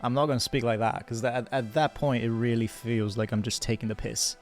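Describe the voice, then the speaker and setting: Male game streamer in a put-on British accent, easygoing and chatty, mid-range voice, quiet music under him. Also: mid-range voice, level tone, a little fast. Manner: chatty, laughing, swears when upset. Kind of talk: casual gameplay commentary.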